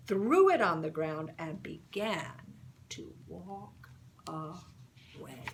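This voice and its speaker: A woman storyteller reading a picture book aloud, slow and expressive, dropping to a whisper for suspense. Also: on the low side, slight background noise.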